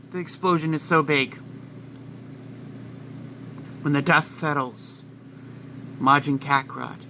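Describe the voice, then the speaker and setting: Male fan-fiction narrator, casual, present-tense retelling, bright and slightly high voice. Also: a little hiss or hum. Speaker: storyteller.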